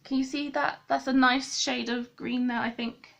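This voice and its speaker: A woman's voice: high-pitched, little pitch movement, moderate pace, vocal fry, a bit bright. A woman chatting through a makeup tutorial, thinking aloud and correcting herself as she goes. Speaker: beauty vlogger.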